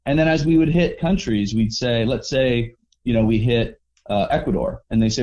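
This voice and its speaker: A man telling travel stories in a relaxed, rambling way as an interview guest, acting out the people he met. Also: medium pitch, fairly quick. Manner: relaxed, rambling with restarts and acted-out quotes. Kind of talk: casual storytelling interview.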